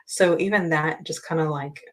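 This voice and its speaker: Low-voiced woman chatting about books. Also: fairly even intonation, moderate pace, low-quality recording. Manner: chatty, rambling, many ums. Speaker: book channel host. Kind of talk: casual book discussion.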